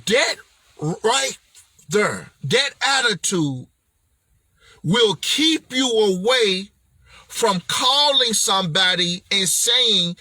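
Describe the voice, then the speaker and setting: High-voiced, emphatic motivational man. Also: lively intonation, drawn-out words, sharp tone, dry recording. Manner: emphatic, preachy, slangy and playful. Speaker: motivational speaker and self-published author. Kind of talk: motivational vlog monologue.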